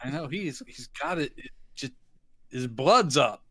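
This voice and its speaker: A man's voice: medium pitch, animated, measured pace, fairly bright tone, dry recording. A man co-hosting a casual movie recap, animatedly acting out characters' lines in jokey voices. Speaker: podcast co-host.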